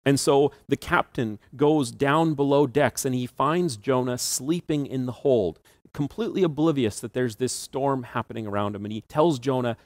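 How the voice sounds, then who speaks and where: Man, pastor, storytelling sermon, conversational asides, mid pitch, dry close sound. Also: moderate pace, a little mellow, no room sound.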